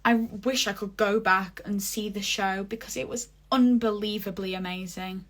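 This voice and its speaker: A young woman chats through a theatre review for her vlog, gushing and full of fillers. Her voice sits in a middle pitch, and her talk stays loose and unscripted. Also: fairly even intonation, normal speed, a bit bright. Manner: chatty, gushing, many fillers. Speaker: vlogger.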